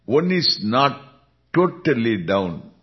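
A man with an Indian accent gives a Vedanta discourse as a spiritual teacher. He speaks very slowly, with a lively rise and fall, and chuckles often. The recording is dull and lo-fi. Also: mid-range voice. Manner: unhurried, chuckling, lively intonation.

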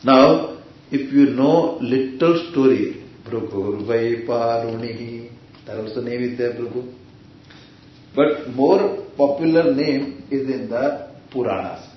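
A man's voice: mid-range voice, slow, slight background noise. A man giving a scripture discourse, telling stories and asking his listeners questions. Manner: storytelling, with Sanskrit terms and asides to listeners. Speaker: spiritual teacher. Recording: very echoey dull hall recording.

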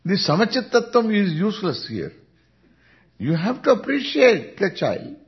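A man with an Indian accent, a spiritual teacher giving an unhurried Vedanta discourse, chuckling often as he speaks. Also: sits high. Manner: unhurried, chuckling, lively intonation. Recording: dull lo-fi recording.

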